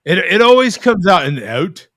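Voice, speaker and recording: Brief: male talk-show host, animated joker, bright and gravelly voice, bone-dry sound. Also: high-pitched, normal speed, no room sound. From Southern California. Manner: joking, animated, teasing. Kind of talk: casual live-stream chat.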